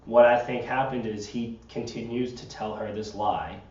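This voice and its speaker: A man's voice: lowish voice, fairly even intonation, normal speed, darkish tone. A man hosting a casual podcast, rambling on as he explains things. He sits far from the mic in an echoey room, and the recording sounds dull and lo-fi. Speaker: podcast host. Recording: roomy, distant, dull lo-fi sound.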